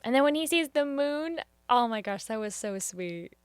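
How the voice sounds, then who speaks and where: A woman giving a casual spoken review of a show, earnest and openly emotional, with sudden excited jumps, soft near-whispers and hesitant restarts. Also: fairly high pitch, normal speed, clean tone, no room sound.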